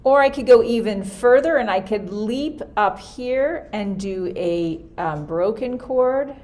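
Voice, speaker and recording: A woman's voice: on the high side, lively intonation, slow, darkish tone. A woman teaching a music theory class in a screen-recorded lesson, casually thinking aloud as she works through an example. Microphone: computer mic for a screen recording.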